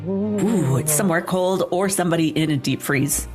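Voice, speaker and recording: A woman co-hosting a true-crime podcast, listening and throwing in quick jokes. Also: fairly low pitch, darkish tone, faint music behind. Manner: joking listener, quick quips. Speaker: podcast co-host. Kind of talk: casual true-crime chat.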